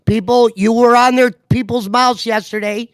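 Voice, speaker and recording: A man co-hosting a casual livestream chat, steady and explanatory. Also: very high-pitched, normal speed, clean tone, no echo. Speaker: co-host.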